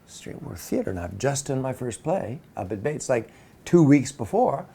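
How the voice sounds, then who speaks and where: A man recounting an anecdote in an animated way, acting out the other people's lines. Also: mid-range voice, moderate pace, vocal fry, husky. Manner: animated, acts out voices in his story. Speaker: interviewee. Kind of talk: storytelling anecdote.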